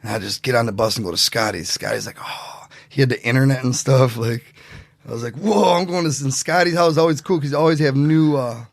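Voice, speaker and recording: A man telling stories as a podcast guest in a casual, animated way, acting out what other people said. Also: mid-range voice, quick pace, no echo. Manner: animated, acts out quotes in voices. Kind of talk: casual storytelling.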